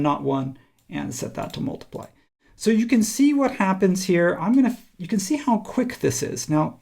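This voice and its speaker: A man teaching a software design tutorial, thinking aloud casually as he works on screen. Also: fairly high pitch, vocal fry. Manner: relaxed, thinking aloud while working. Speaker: instructor.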